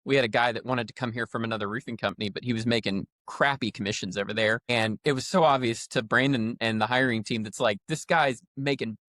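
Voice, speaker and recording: A man telling a workplace story with lively retold quotes in a casual podcast conversation. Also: mid-range voice, fast talker, hardly any pauses, no echo, studio quality. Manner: animated storyteller, acts out quotes. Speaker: podcast guest, roofing company leader.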